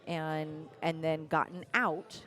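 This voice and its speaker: A woman commentating a live pool match, breaking down shots in a measured, analytical way with a dry sense of humor. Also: low-pitched, level tone, fairly bright tone. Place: pool hall.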